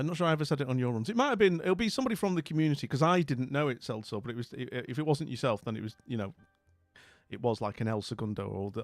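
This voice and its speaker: On a dry recording, a middle-aged man with a medium-pitched voice talks loosely with viewers on his stream about their comments. His speech meanders, full of filler words and false starts.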